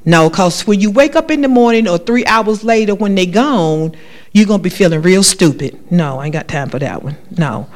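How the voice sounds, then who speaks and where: A woman's voice: medium pitch, animated, normal speed, darkish tone. A woman giving a spoken testimony in church, talking in an emphatic, repetitive, conversational way.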